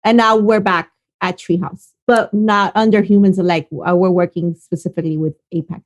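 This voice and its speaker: A woman event promoter, a podcast guest chatting casually with quick replies and frequent laughs. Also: on the low side, fairly even intonation. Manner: quick back-channel replies, laughs often. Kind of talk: casual interview chat.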